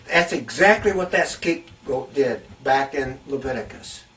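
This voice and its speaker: A man's voice: medium pitch, expressive, moderate pace, fairly bright tone, recorded from a distance, poor audio. A man preaching a Bible teaching sermon, reading scripture aloud and repeating key phrases to stress them.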